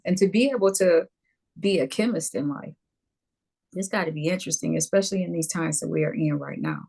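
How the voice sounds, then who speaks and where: A woman co-hosting a casual talk show, lively and emphatic, with playful asides to the audience. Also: medium pitch, a little fast.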